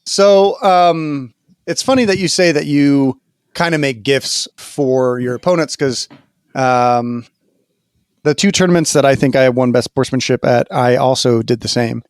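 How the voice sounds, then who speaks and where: A man co-hosting a gaming podcast in relaxed, casual chat. He tells stories with lots of fillers and laughter. His voice sits in the middle range and is recorded close and dry. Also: medium pitch, measured pace, clean tone, no room sound. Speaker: podcast co-host.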